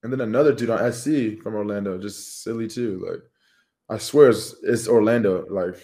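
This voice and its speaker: A young man in his twenties, co-hosting a podcast in relaxed, slangy and profane casual chat. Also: lowish voice, moderate pace. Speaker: podcast co-host.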